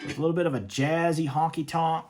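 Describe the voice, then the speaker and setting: A man's voice: a little high, quick pace, a little mellow, faint music behind. A man hosting a commentary show, talking in an emphatic, stern way and often repeating himself. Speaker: host reviewing worship music. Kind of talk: opinionated commentary.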